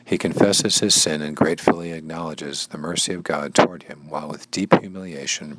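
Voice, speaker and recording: A man with a very deep voice reads a devotional text aloud and stops to explain it in casual words. He repeats key lines and sometimes slips into a near-whisper. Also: fairly even intonation, a little fast, hardly any pauses, very noisy. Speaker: bible study teacher and language learner.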